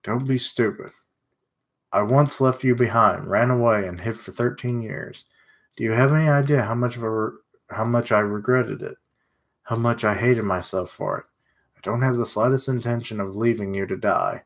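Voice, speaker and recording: A man's voice: fairly low pitch, moderate pace, lightly acted. A man reading as a loyal battle-worn survivor. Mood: resolute.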